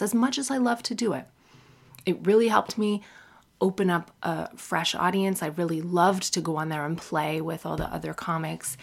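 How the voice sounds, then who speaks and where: A woman comedian speaks with a low-pitched voice. She is blunt and profane, and she stays frank and cutting throughout. She mocks her critics in sarcastic put-on voices. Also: gravelly. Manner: blunt and profane, mocking men in exaggerated voices. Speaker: stand-up comedian.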